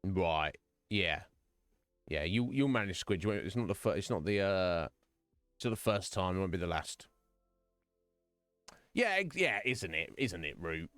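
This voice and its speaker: A man's voice: low-pitched, normal speed, a bit bright, clean tone, no room sound, studio quality, soft background music. A man hosting a live stream, chatting casually and jokingly with viewers by name. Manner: rambling, joking, talks to chat by name. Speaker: streamer host.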